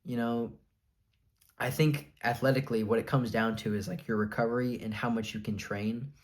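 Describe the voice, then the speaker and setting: A man's voice: medium pitch, fairly even intonation, moderate pace. Earnest rambling young man vlogging. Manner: rambling, filler-heavy, earnest and a bit defiant. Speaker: vlogger sharing his diet experience. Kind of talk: casual talking-to-camera monologue.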